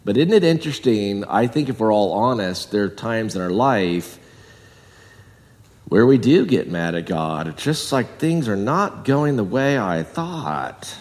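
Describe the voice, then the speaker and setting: A man preaching a sermon in a church, talking conversationally and swinging from loud and high to low and quiet. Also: sing-song, unhurried, in a large hall. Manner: conversational with wide swings in pitch and volume. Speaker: pastor. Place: church sanctuary.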